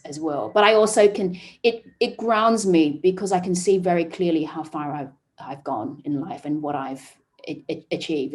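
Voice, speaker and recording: Podcast guest: woman, low warm voice, earnest and reflective, self-correcting often. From Vietnamese family raised overseas. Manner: earnest, frequent "you know" and restarts. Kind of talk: podcast interview.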